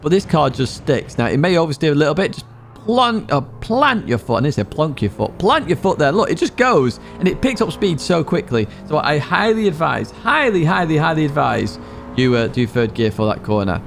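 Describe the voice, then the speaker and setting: A man's voice: fairly high pitch, big pitch swings, normal speed, creaky, faint music behind. A man hosting a racing game guide, giving upbeat, instructive commentary with jokey asides. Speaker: gaming channel host. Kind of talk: race guide commentary over gameplay.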